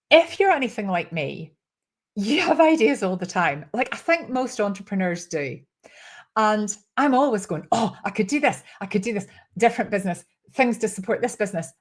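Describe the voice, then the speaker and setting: Chatty woman with a Northern Irish-Scottish lilt. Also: medium pitch. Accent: mix of Northern Irish and Scottish. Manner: chatty, keeps asking "right?", shifts pace a lot. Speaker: host. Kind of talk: casual solo talk to camera.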